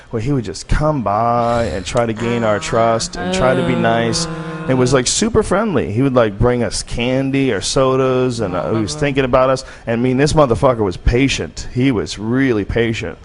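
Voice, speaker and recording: A man's voice: medium pitch, normal speed, hardly any pauses. A man from the United States telling personal stories on a casual podcast, candid and profane with a rambling delivery. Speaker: podcast host. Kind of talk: casual storytelling.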